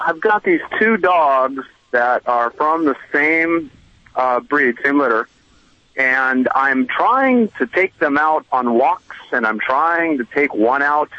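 A man's voice: medium pitch, takes it slowly, dry recording. A man calling in to a radio show to ask about his two dogs. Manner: explaining his problem. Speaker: caller. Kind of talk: phone-in question. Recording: muffled phone-in line.

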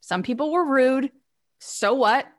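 A woman with a fairly high voice tells a motivational story on her podcast. She talks with energy and acts out old phone calls as she goes. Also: a little slow. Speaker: podcast host.

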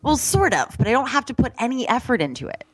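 A woman guest in a candid, casual conversation, frank and quick-witted with laughing asides. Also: fairly high pitch, very animated, breathy edge. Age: adult.

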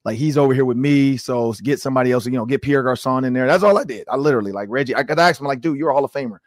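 A man hosting a sports talk show tells long stories in a loose, animated way, full of "like" and quoted dialogue. His voice sits at a middle pitch and sounds close and dry on a studio mic. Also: rapid-fire, no echo. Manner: animated storytelling with many "like"s. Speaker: show host and former coach.

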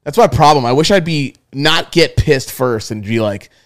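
A young man co-hosting a podcast in casual chat, rambling and swearing with quick reactions. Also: mid-range voice, animated, dry recording, clean studio sound. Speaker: podcast co-host.

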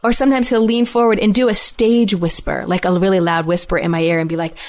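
A middle-aged woman in casual chat, telling animated stories full of laughter and acted-out quotes. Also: mid-range voice, fast. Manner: animated storyteller, laughs often, acts out quoted voices.

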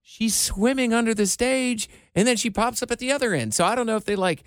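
A man's voice: extremely high pitch, fairly quick, clean tone, no room sound. A male radio host in a studio, telling stories in a casual, self-deprecating way. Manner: chatty, storytelling, self-deprecating. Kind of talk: casual on-air chat.

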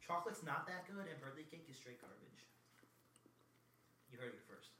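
A man's voice: fairly high pitch, expressive, fairly quick, pushed and bright. A man co-hosting a podcast in casual chat, wry and blunt in his banter. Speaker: podcast co-host. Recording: echoey room with faint noise.

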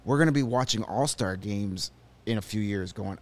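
A man's voice: lowish voice, moderate pace. A man co-hosting a sports podcast, giving opinions and joking in casual chat. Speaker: podcast co-host. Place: studio.

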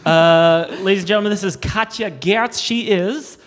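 A man co-hosting a live podcast, joking around with quick asides. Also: sits high, fairly bright tone, slight background noise. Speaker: podcast co-host. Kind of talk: casual live podcast chat.

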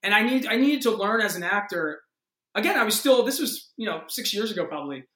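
High-voiced man telling a wild story. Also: fairly quick, roomy sound. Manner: excitable, acts out quotes, swears freely. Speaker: actor guest. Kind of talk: animated storytelling in a casual interview.

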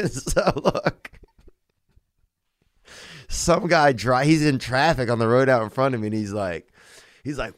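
A man hosting a podcast, talking loosely and warmly to a caller, rambling with laughing asides. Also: medium pitch, unhurried, no echo, studio quality. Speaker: podcast host. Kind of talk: casual podcast chat.

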